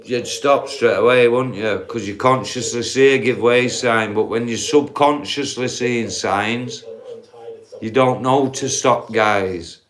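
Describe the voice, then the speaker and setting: Slow-talking profane man. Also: mid-range voice. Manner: profane, laughs at own points, addresses viewers as guys. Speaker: live streamer. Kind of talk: ranting live-stream monologue.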